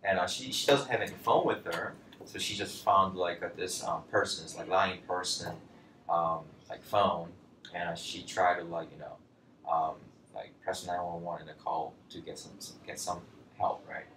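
A man teaching a casual language lesson, talking in a loose, chatty way with lots of fillers and lively bursts when he quotes phrases. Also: low voice, moderate pace, distant mic. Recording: roomy, from off-mic, faint background noise.

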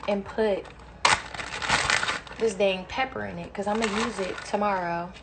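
A woman's voice: medium pitch, fairly even intonation, measured pace, very noisy. A young woman talking bluntly and with heavy swearing while she cooks in her home kitchen on a phone livestream. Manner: blunt, profane, ranting. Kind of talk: casual livestream chat while cooking.

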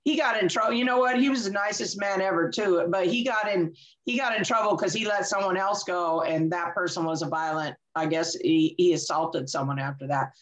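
A woman guest tells a candid story from her own life in an animated way. She laughs often and acts out both sides of the dialogue. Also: lowish voice, fairly quick, few pauses, low-quality recording. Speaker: interview guest.

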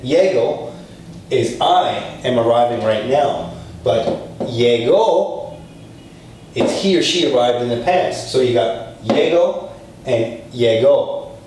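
Guy chatting through a spanish lesson, lots of ums and restarts, slow, really echoey room, mic kinda far. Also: medium pitch, slight background noise. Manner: chatty and relaxed, with many fillers, restarts and acted example dialogues. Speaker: Spanish teacher. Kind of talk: casual language lesson.

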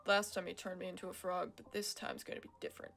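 A woman's voice: on the low side, flat delivery, fast, creaky, a bit bright. A woman playing horror video games with joking commentary, often yelping and exclaiming when startled. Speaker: gaming YouTuber. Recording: game music behind the voice.

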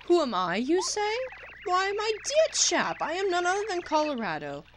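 A woman voicing a pompous upper-class male adventurer with plummy, drawn-out exclamations. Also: extremely high pitch, huge pitch swings, a little hiss or hum, pitched above the performer's own voice, full character voice.

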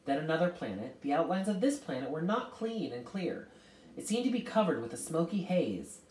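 A woman's voice: sits low, sing-song, fairly quick, a little mellow. A woman reading a novel aloud, narrating expressively with occasional slips. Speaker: reader. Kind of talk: audiobook narration. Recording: roomy, distant mic.

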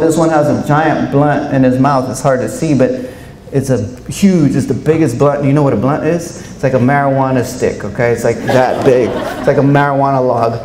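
A man giving a storytelling speech to an audience of educators in a large hall, speaking in an animated way and acting out quoted voices. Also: a little high. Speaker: keynote speaker. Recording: echoey hall, faint room noise.

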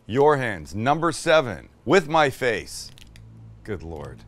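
A man's voice: mid-range voice, sing-song, slow. A man hosting a casual cooking show, joking with his crew as he cooks.

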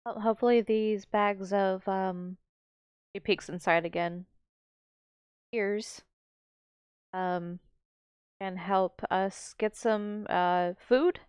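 A woman's voice: medium pitch, fairly even intonation, takes it slowly, pauses often, a little mellow, clean tone, no room sound. A woman playing a tabletop role-playing game, describing her character's actions in the third person. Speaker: player.

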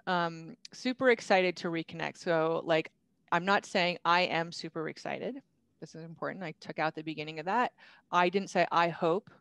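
Woman founder, casual and upbeat, laughs a lot, lower voice, dry recording. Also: clear, resonant tone, dry recording. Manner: upbeat, chatty, laughs often. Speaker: guest speaker, company founder. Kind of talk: casual webinar presentation.

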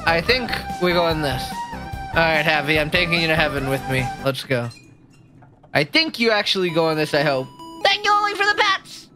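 Over music, a woman talks briskly to her viewers while playing a video game in a casual commentary. Her voice leaps into a squeaky, high register whenever she gets nervous or excited.

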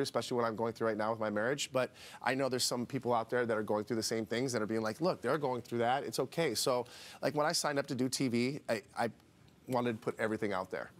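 A man with a fairly low voice talks loosely in a studio interview, stumbling over restarts and circling back on himself. He speaks openly and warmly about his family. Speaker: reality TV guest. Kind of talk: casual interview talk.

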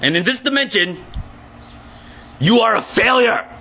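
A man filming himself in an agitated, profane rant that often breaks into shouting. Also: high voice, lively intonation, a little slow, gravelly, slight background noise. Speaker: vlogger. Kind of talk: angry self-filmed rant.

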